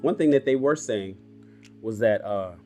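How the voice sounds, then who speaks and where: A man in his forties hosting a casual livestream podcast, telling stories in a blunt, animated and profane way. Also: on the low side, a little slow, soft background music. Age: 40s. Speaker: podcast host.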